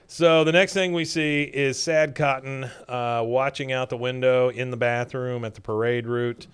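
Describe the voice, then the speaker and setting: A man's voice: mid-range voice, fairly even intonation, normal speed, few pauses, clear, resonant tone. A man hosting a podcast, casually retelling a cartoon episode scene by scene with lots of fillers. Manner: loose retelling with many fillers, acting out quoted lines. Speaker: podcast host.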